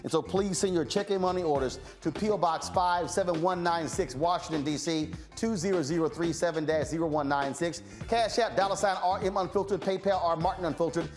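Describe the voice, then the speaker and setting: A man's voice: a little high, a little mellow. A man hosting a political talk show, speaking, emphatic and repetitive, preaching at his viewers. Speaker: show host. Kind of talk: fiery political commentary.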